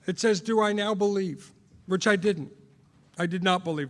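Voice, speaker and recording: In a large hall, a man with a high-sitting, fairly bright voice speaks at a moderate pace, sharing his recovery story as a sponsor. He asks rhetorical questions, pokes fun at himself, and repeats things for emphasis in this personal recovery talk.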